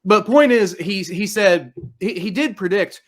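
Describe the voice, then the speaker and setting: A young man hosting a casual sports podcast, talking excitedly and rambling with many restarts. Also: sits high, measured pace. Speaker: podcast host.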